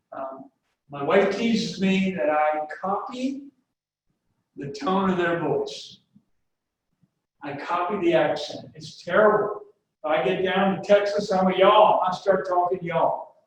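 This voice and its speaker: Folksy man in an echoey room. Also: a little high. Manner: folksy, anecdote-driven, talks straight to the audience. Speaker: sales trainer. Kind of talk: webinar sales presentation. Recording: echoey room, distant mic, faint noise.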